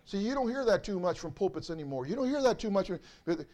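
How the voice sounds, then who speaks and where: Pastor, male, high voice; emphatic sermon delivery, repeats lines, rhetorical questions to the pews. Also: big pitch swings, quick pace, a little mellow. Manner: emphatic, repeats phrases, asks the congregation questions. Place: church.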